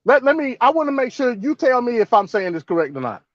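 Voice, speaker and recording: A panelist man stepping in to calm things down, halting, with many fillers as he restates a point. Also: extremely high pitch, dry recording, muffled recording. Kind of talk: panel moderation.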